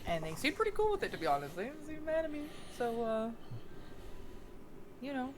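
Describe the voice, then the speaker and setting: A woman playing a tabletop role-playing game, telling what happened in an animated, rambling way. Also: high voice, a little fast, background noise. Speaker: player. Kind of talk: tabletop role-play chat.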